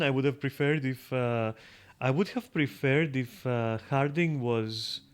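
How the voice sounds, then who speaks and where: A man's voice: mid-range voice, unhurried, clean tone. Rambling, swearing male game streamer. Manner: rambling, swears freely, thinks aloud with many fillers. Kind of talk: casual gameplay commentary.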